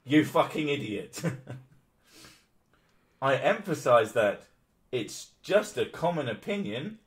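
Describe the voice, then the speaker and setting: A man's voice: mid-range voice, very animated, slow, long pauses. Swearing, mocking man streaming. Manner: swearing, mocking, laughing often. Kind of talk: casual chat, reading an article aloud.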